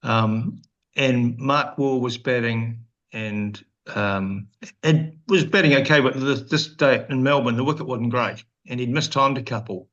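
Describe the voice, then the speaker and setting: A man's voice: mid-range voice, unhurried, a bit bright. A New man in his sixties telling rambling, dryly funny anecdotes as an interview guest, with frequent restarts. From New Zealand. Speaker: guest, former cricketer. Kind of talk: casual storytelling interview. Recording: dull lo-fi podcast recording.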